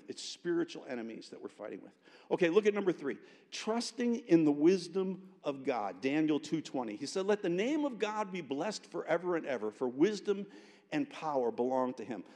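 A male pastor preaching in a college chapel, talking in an animated storytelling way, often restarting and repeating words as he goes. His voice sits a little high for a man, and it rings with a long chapel reverb. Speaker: pastor, guest chapel speaker. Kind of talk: sermon.

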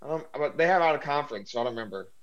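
An exasperated young man on a sports podcast with quick comebacks. His fairly high, lively voice comes through a dull, lo-fi line. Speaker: podcast co-host. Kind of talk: casual sports chat.

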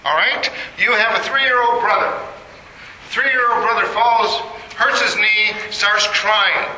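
A man's voice: high voice, steady tone, slow, sharp tone. A man giving an interactive lecture, quizzing the audience and making joking asides. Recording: echoey room with noise.

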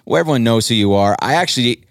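A man hosting a casual sales-team podcast, jokey and full of shout-outs for his reps. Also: medium pitch, expressive, fast talker, creaky, no echo, clean studio sound. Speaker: podcast host.

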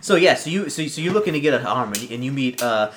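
A man's voice: medium pitch, lively intonation, fast talker, fairly bright tone, a little hiss or hum. A man running a tabletop game as game master, narrating casually in a rambling way full of fillers and restarts. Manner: rambling, filler-heavy, laughs often.

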